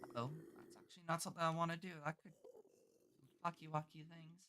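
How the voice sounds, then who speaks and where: A woman's voice: deep voice, little pitch movement, fast, background noise. A woman streaming a game, muttering to herself as she plans her build and swearing casually while she chats. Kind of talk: casual gameplay commentary.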